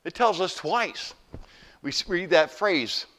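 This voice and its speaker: Middle-aged guy preaching, folksy and chatty, voice a bit high and bounces around a lot. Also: animated, slow pace, fairly bright tone. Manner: folksy storytelling, many rhetorical questions. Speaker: pastor. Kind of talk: sermon.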